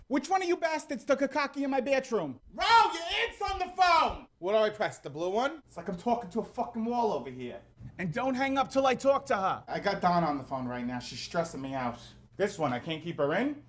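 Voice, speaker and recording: A man playing a loud, bossy middle-aged Italian mother in a comedy sketch, nagging and yelling across the house. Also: sits high, very animated, brisk.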